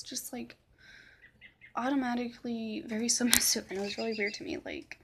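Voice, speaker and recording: A woman's voice: on the high side, steady tone, fairly quick, heavy background noise. A young woman telling a personal story in a casual, rambling vlog, swearing often, using many fillers and dropping to a whisper for quoted lines. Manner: rambling, profane, full of fillers. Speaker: vlogger.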